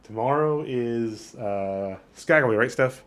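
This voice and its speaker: A man at medium pitch speaks slowly in a somewhat bright voice while hosting a casual travel vlog outdoors in a port town. As a travel vlogger he's enthusiastic and upbeat, piling on superlatives.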